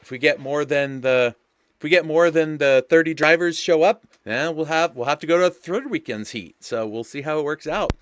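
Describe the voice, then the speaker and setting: A man's voice: a little high, normal speed. Hyped, chatty man hosting a race stream. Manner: hyped, loose and chatty, with many fillers. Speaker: race host and commentator. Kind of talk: live-stream race commentary.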